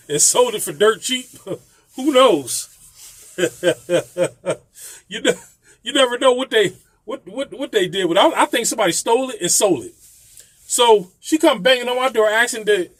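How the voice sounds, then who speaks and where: A man's voice: high-pitched, a bit bright, no room sound. A man casually telling a profane story, laughing often. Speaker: vlogger telling a landlord story.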